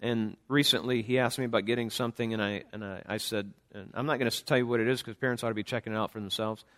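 A man's voice: fairly low pitch, steady tone, quick pace, fairly bright tone. A man preaching a sermon earnestly, reading scripture and speaking as a father to the parents in his church. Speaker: pastor; father of a young son.

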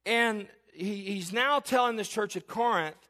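A man's voice: sits high, unhurried, pushed and bright. A man in his forties preaching a sermon and reading Bible verses aloud, emphatic and given to repeating and restarting his phrases. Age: 40s.

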